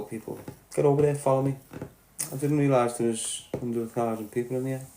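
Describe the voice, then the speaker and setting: A Liverpool man hosts a podcast, delivering a heated, angry monologue that is blunt and full of swearing. His voice is medium-pitched, level and mellow at a moderate pace, captured in an echoey room with a little hiss or hum.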